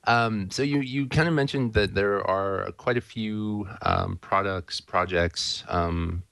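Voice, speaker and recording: A man's voice: lowish voice, slow, gravelly, a bit bright, no room sound. A man hosting a podcast, asking casual, hedged questions. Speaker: podcast host. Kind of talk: interview questions.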